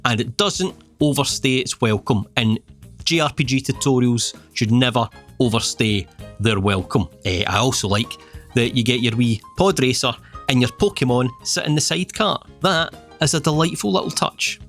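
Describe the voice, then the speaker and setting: A man's voice: medium pitch, normal speed, fairly bright tone, soft background music. A man with a Scottish accent giving wry, joking commentary while playing a video game. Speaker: gaming video host. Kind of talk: let's play commentary.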